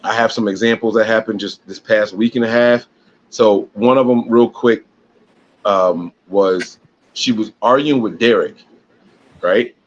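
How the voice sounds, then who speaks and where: A man's voice: lowish voice, measured pace. A man co-hosting a casual podcast, telling rambling stories full of restarts and fillers. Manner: rambling storyteller with many restarts. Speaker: podcast co-host. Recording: dull lo-fi sound.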